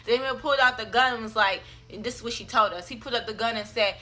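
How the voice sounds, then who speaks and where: A young woman tells a story to her camera, chatty and dramatic, with plenty of fillers along the way. Her voice sits a little high and sounds bright and forceful. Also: fast. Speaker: vlogger. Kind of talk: storytime vlog.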